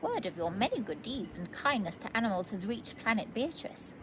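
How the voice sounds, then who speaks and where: A woman's voice: medium pitch, sing-song, brisk, background noise, lightly acted. A woman voicing a fussy, polite male talking chicken-bird in a storybook reading, formal and courteous with clucks.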